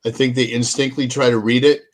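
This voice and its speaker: A man hosting a show in casual chat, easygoing and hesitant, with many pauses and fillers. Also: medium pitch, little pitch movement. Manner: easygoing, hesitant, lots of ums. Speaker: podcast host.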